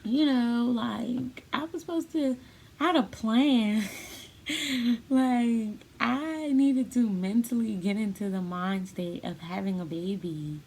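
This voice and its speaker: A woman's voice: a little high, slow, vocal fry, darkish tone, slight background noise. A young woman vlogging casually to her viewers, chatty and full of "like" fillers, acting out the dialogue she quotes. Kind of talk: casual personal storytelling to camera.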